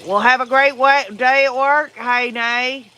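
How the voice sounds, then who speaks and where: A man's voice: extremely high pitch, fairly even intonation, a little slow, bright, forceful tone, a little hiss or hum. A man with a Southern US accent hosting a casual livestream, answering viewer comments in a rambling, opinionated way. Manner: rambling and opinionated, with frequent fillers. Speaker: livestream host.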